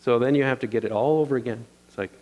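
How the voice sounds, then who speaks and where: A man preaching a sermon as pastor, playful and animated, calling on the congregation to answer back. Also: mid-range voice, very fast, dull audio.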